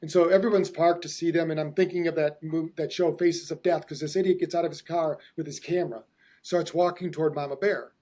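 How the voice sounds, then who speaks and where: A man's voice: a little high, steady tone, a little fast, dark tone. A middle-aged man hosting a podcast, explaining with enthusiasm in long run-on thoughts. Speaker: host, hypnotherapist. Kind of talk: casual podcast conversation.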